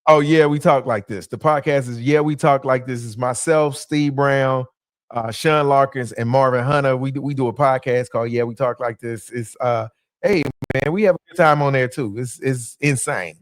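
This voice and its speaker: A man's voice: medium pitch, normal speed, no echo, studio quality. A man, a comedian guest talking in a laid-back, joking way in a casual interview.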